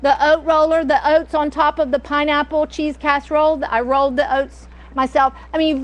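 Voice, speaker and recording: A woman's voice: high-pitched, a little hiss or hum, rough recording. A middle-aged woman, chatting and telling stories while teaching a cooking class. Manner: chatty, storytelling, folksy. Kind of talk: casual cooking demonstration.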